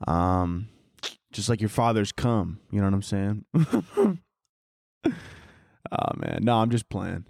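A man's voice: on the low side, wildly swooping pitch, slow, gravelly, long pauses, darkish tone, no echo. Rambling crude man, dry close sound. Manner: rambling, self-interrupting, crude jokes. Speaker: podcast host. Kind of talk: crude comedic rambling monologue. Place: home, downstairs by a Christmas tree.

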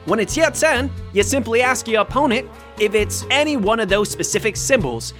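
A man putting on a comic Australian accent to pitch a board game as an over-the-top Australian salesman who keeps asking "yeah?". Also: animated, a bit bright, soft background music. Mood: jokey pitch. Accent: put-on Australian. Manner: sing-song, drawn-out, keeps adding "yeah?".

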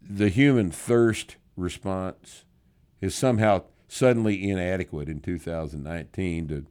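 Podcast host, male, very low voice, blunt and profane, sardonic advice-giver. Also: darkish tone, clean tone. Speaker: podcast host answering listener questions.

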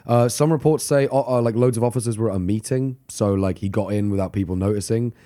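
On a casual true-crime podcast, this male co-host narrates quickly in a dark-toned voice that sits on the low side. He swears, cracks jokes, and slips into laughter and impersonations along the way.

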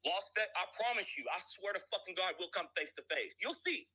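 High, sharp-voiced man ranting threats. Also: lively intonation, fast, slightly rough, poor audio. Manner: profane, aggressive, rambling threats; repetitive, mocking taunts. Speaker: caller. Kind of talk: hostile phone rant.

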